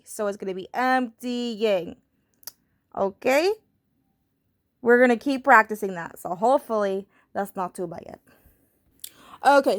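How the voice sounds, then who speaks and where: A young woman teaching a recorded spelling lesson to third graders, playful and self-mocking, spelling words out slowly letter by letter. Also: fairly high pitch.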